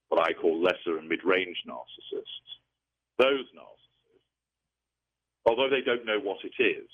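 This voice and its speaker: Deep-voiced man on a tinny line. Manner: measured, lecturing, methodical explanations. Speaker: interview guest. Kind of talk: explanatory interview talk.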